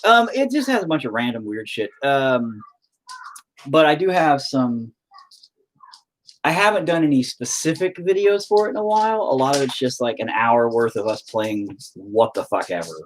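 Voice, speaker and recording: A man's voice: mid-range voice, animated, normal speed. A man with a rural Southern US accent, chatting casually while he paints, rambling, profane and self-mocking. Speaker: painting video host.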